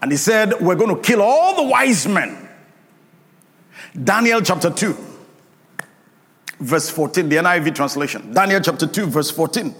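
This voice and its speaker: A pastor with a high, fairly bright voice preaches a sermon in an emphatic, call-and-response style, stretching out key words. Long hall reverb surrounds his voice.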